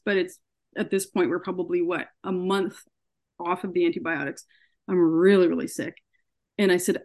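A woman in middle register speaks earnestly on a podcast, recounting her experience step by step. She stumbles and repeats words when the memory upsets her. Her pitch sits at an ordinary level. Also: steady tone, normal speed, darkish tone. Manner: earnest, often acts out dialogue in her retelling. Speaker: guest, researcher. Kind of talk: telling her own story in conversation.

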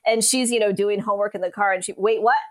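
Woman meteorologist telling stories on a podcast, animated, does little voices when she quotes people. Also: medium pitch, quick pace. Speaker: meteorologist guest. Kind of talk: casual storytelling interview.

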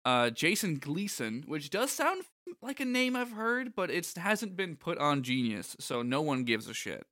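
A man's voice: fairly high pitch, sing-song, measured pace, sharp tone, no echo. A man co-hosting a casual music podcast, wry and sarcastic, swearing freely as he runs through band names. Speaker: podcast co-host. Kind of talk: casual chat.

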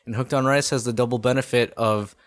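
A man's voice: mid-range voice, steady tone, brisk. Laid-back young man chatting on a podcast. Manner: laid-back, rambling, swears casually. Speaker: podcast co-host. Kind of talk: casual chat.

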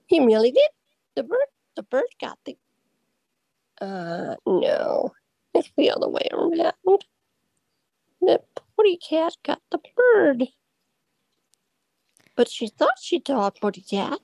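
A woman telling her turn of an improvised story, playful and rambling, with a gravelly edge. She talks slowly, and the sound is dry. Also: sits high, big pitch swings, mellow, dry recording.

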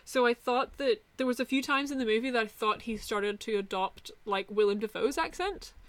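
A woman co-hosting a casual podcast about a film, animated and profane, laughing often as she talks. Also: on the high side, normal speed, no echo. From outside North America. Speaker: podcast co-host.

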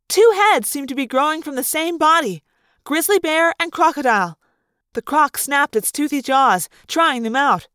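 Expressive high-voiced woman reading aloud. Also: normal speed, dry recording, clean studio sound. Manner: expressive storytelling. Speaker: audiobook reader. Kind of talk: first-person audiobook narration.

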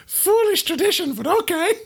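A woman playing a tabletop game, talking in a playful, drawn-out way. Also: extremely high pitch, big pitch swings. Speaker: player.

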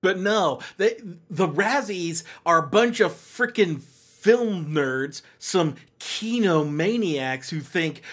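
A man's voice: sits high, lively intonation, takes it slowly, fairly bright tone. A man hosting a casual comedic movie-review monologue, sarcastic and rambling with lots of fillers and restarts. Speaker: podcast host.

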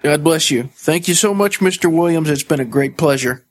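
A man's voice: a little high, moderate pace. Polite male interview host. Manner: polite, upbeat. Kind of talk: interview questions.

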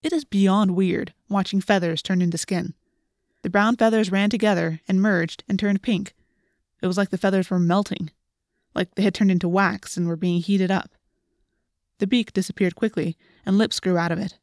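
A woman narrates an audiobook in a steady, plain storytelling way. Her voice sits at a middle pitch and is recorded close in a dry, dead space. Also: moderate pace, no echo.

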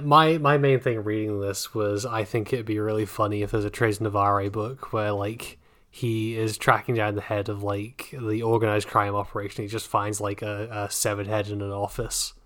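A man's voice: lowish voice, flat delivery, moderate pace, sharp tone. A man co-hosting a casual book podcast, rambling and joking, laughing often and swearing freely. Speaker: podcast co-host.

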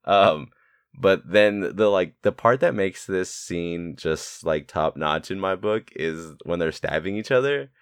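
Deep-voiced young man, animated podcast chat. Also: a little slow, clean tone, dry recording, studio quality. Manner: swears freely, acts out characters' lines in a squeaky high voice. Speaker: podcast co-host. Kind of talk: casual film chat.

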